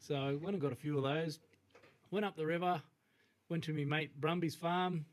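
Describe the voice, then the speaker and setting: A man's voice: on the high side, fairly even intonation, normal speed. An Australian man, a father, co-hosting a podcast and telling a laid-back fishing story with plenty of swearing and laughter. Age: adult with a young son. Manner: laid-back yarn-spinning, swears freely, laughs often. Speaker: podcast co-host. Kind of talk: casual storytelling chat.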